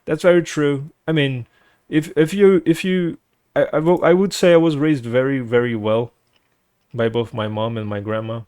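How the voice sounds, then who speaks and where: A man from Brazil with a Brazilian Portuguese accent, whose first language is Portuguese, chatting casually and haltingly with his stream viewers. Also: mid-range voice, steady tone, darkish tone, clear, resonant tone, dry recording, clean studio sound. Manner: rambling and hesitant, full of restarts and "like".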